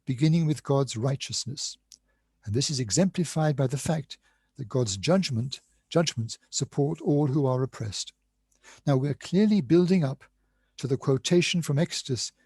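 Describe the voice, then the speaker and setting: An older man lecturing on scripture in a measured, reading style, reciting Hebrew passages and sometimes losing his place. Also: fairly high pitch, warm tone, slightly rough, dry recording.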